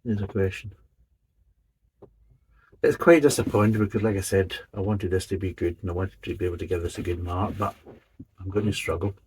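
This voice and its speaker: A man's voice: low voice, fairly even intonation, brisk, long pauses, a little mellow, slight background noise, rough recording. A man giving a casual, methodical beer review, describing each flavour in detail. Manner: methodical, detailed tasting commentary.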